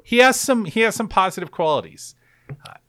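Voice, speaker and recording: Here the co-host's voice is high-pitched, expressive, and a bit bright, moving a little fast. The sports podcast chat is casual as he meanders with wry humor and keeps amending what he says, captured in clean studio sound with no echo.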